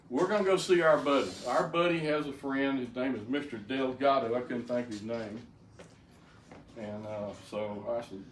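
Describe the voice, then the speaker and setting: Speaking in a mid-range voice, an older man shares a folksy, plainspoken testimony with a group, frequently restarting with a stammer. The sound is roomy and distant, with faint background noise.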